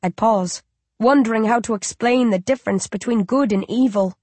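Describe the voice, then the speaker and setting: A woman's voice: on the high side, a little mellow, no room sound. Woman reading an audiobook, dry close sound. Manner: measured, reflective storytelling. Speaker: audiobook narrator. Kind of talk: first-person audiobook narration.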